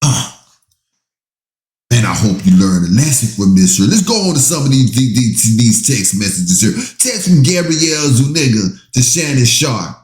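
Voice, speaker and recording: A man reading out documents and adding his own comments, slow and emphatic, breaking into exasperated asides. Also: medium pitch, sing-song, a little mellow, reverberant, faint music behind. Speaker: commentator reading a legal statement.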